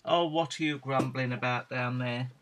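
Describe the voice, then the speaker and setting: A man at home showing off his dogs, switching into high cooing baby talk whenever he speaks to them. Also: steady tone, moderate pace, a bit bright, slight background noise, rough recording. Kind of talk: casual home video chat.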